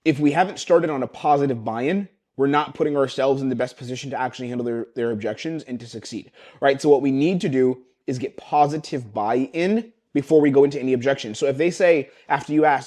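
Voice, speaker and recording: A man coaching sales by webcam, teaching scripts and acting out the closer's lines himself. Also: medium pitch. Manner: fast, energetic, acts out closer lines.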